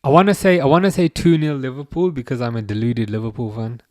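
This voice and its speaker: A man's voice: medium pitch, steady tone, a little mellow, no echo. Guy in his 30s on a live stream, keeps restarting his sentences, dry jokey tone, dead dry sound. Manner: halting, restarts often, dry jokes while reading chat. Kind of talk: casual live-stream chat.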